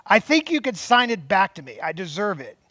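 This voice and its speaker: A man reading aloud and voicing a middle-aged actress confronting her husband in sharp, accusing tones. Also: sits high, very animated, brisk, no echo, studio quality, exaggerated voice. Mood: indignant.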